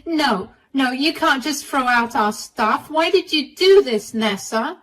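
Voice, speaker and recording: A woman voicing an entitled younger sister who shouts accusations in a raised, higher voice. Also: expressive, slow, exaggerated voice, poor audio. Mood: angry shouting.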